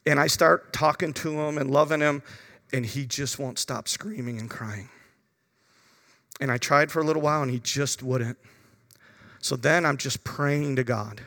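A middle-aged man preaching a sermon, telling a personal story and moving between hushed, reverent passages and urgent, raised ones. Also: on the high side, normal speed. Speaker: pastor. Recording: long reverb of a large hall.

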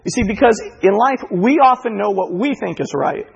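Raspy high-voiced pastor in a reverberant hall. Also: male voice, big pitch swings, normal speed. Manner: earnest storytelling that swells with emotion. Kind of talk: sermon. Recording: dull recording in a reverberant hall.

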